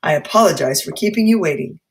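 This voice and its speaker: A woman voicing a stern, forceful colonial patriot leader who speaks insistently and loudly. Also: low-pitched, expressive, fast.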